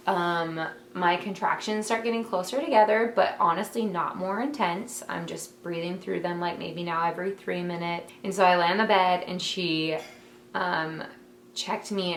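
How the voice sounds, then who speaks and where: A young woman telling a personal story in a casual, heartfelt way, full of fillers like "like" and "um", recorded at home in her bedroom. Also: on the low side. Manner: chatty, many fillers like "like" and "um"; emotional, heartfelt. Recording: echoey room, faint ambient noise.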